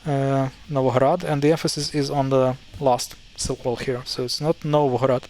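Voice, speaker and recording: A man's voice: mid-range voice, steady tone, a little mellow, poor audio. A man with a Ukrainian accent casually explaining how words are pronounced, stopping and correcting himself often. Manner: halting, self-correcting, thinks aloud. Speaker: language teacher.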